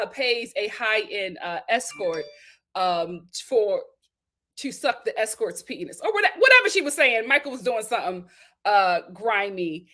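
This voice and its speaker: A woman's voice: medium pitch, lively intonation, measured pace, bright, forceful tone. A young woman hosting a live stream, chatting casually and animatedly with her viewers and laughing often. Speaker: host of a live show review stream.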